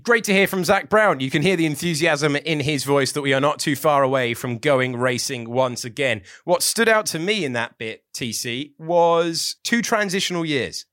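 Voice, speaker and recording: A man's voice: fairly high pitch, normal speed, few pauses, no room sound, studio quality. A man co-hosting a sports podcast, enthusiastic, also reading an ad. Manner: lively, enthusiastic. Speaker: podcast co-host.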